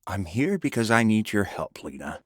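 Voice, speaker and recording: A man's voice: lowish voice, very animated, moderate pace, dry recording, clean studio sound. A man narrating a first-person audiobook with a menacing, gloating delivery.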